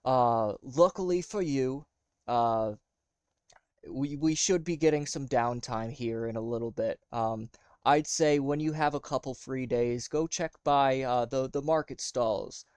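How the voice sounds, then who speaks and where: A man's voice: medium pitch, measured pace, darkish tone, smooth, no room sound, lightly acted. A man voicing a loyal, earnest soldier who reassures his comrades. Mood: friendly.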